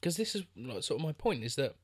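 A man's voice: on the high side, big pitch swings, fast, husky, no room sound. A man co-hosting a podcast, chatting casually about a film with many restarts and fillers. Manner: rambling, lots of restarts and fillers. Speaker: podcast co-host.

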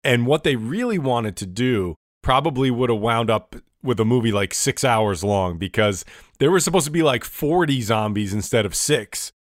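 A man's voice: medium pitch, lively intonation, moderate pace, no echo, clean studio sound. A man co-hosting a casual podcast, chatty and laughing often, with lots of "like" fillers. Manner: laughs often, says "like" a lot. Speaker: podcast co-host.

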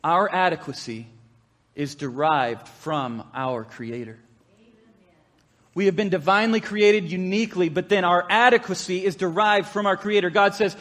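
Man, pastor, lively storytelling sermon, high voice, long reverb. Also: moderate pace. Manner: storytelling, conversational and animated. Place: church sanctuary.

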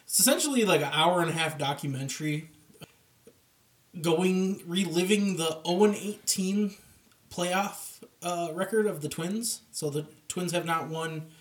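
Man, podcast co-host, casual rambling chat, many fillers, slightly high voice, off-mic. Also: a little slow. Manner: relaxed, rambling, full of fillers. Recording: distant from the mic.

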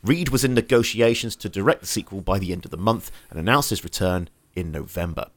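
A man co-hosting a casual film podcast, reading production notes aloud and chatting in an animated, halting way with frequent laughs. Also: low-pitched. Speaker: podcast co-host.

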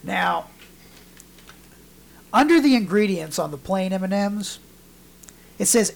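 Male podcast host, casual and profane, an animated storyteller. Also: high voice, measured pace, gravelly, pauses often, a little hiss or hum. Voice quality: storytelling, animated voices in quotes, swears freely. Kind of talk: casual chat.

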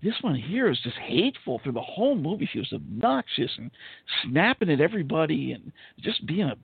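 A blunt, sarcastic man rambles through a film review, swearing freely and leaning on fillers. His voice is gravelly and husky, and it comes through a dry, tinny, phone-like line. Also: fairly high pitch, very animated, a little fast, no echo. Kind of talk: casual opinionated film-review chat.

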